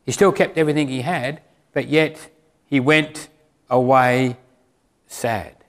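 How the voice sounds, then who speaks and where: A man's voice: mid-range voice, fairly even intonation, slow pace. A man preaching a sermon in a conversational way, asking the congregation questions. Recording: reverberant hall.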